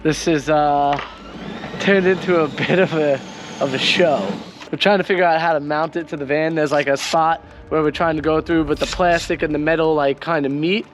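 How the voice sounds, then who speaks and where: A man's voice: a little high, fairly even intonation, normal speed, slight background noise. A man with a New York accent, a van life vlogger, casually explaining a hands-on install outdoors. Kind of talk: casual how-to narration. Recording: music playing behind voice.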